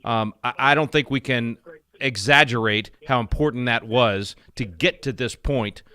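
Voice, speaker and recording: A man co-hosting a talk radio show, chatting casually in an animated, joking way. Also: mid-range voice, normal speed, clear, resonant tone. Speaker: radio co-host.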